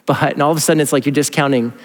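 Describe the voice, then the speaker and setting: A man's voice: fairly high pitch, steady tone, very fast, big-room sound. A male pastor preaching a sermon in a casual, conversational way, acting out imagined inner voices. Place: church.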